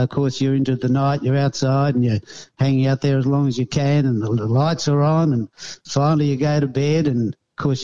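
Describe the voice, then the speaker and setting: A man's voice: mid-range voice, warm tone, lo-fi sound. A man, chatting casually about his pigeon racing in a rambling, hesitant way with many fillers. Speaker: pigeon racer. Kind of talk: casual chat.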